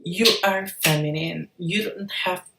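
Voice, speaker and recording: A woman's voice: lowish voice, steady tone, unhurried, vocal fry, distant mic, very noisy. A woman giving frank, encouraging advice in a casual vlog, with the odd swear word. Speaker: vlogger. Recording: roomy echo, off-mic.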